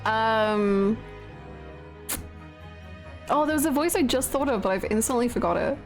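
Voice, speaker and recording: A young British woman hosting a casual game stream, reading viewer comments in giggly, bashful, animated bursts. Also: a little high, unhurried, soft background music. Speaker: livestream host.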